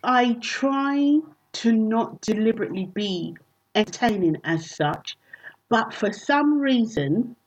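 A woman comedian chatting casually in a remote interview, telling animated, self-mocking stories. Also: on the high side, takes it slowly, dull audio. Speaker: comedian guest. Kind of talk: casual chat.

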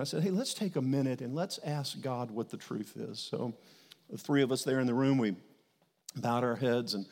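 Man preaching in a reverberant hall. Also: mid-range voice. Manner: storytelling, building to loud emphatic declarations. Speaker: pastor. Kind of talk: sermon.

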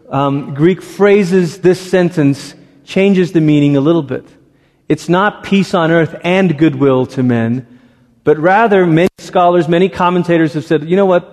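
A man's voice: fairly high pitch, darkish tone. A man preaching a sermon as pastor in a church, talking conversationally with frequent restarts and stumbles. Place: church sanctuary. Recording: long reverb of a church hall.

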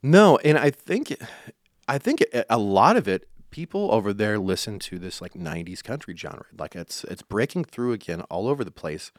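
A man's voice: on the low side, sing-song, normal speed, no room sound, studio quality. A young man from Iowa, a country musician, telling stories in a casual interview, rambling with fillers and restarts. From Iowa, USA.

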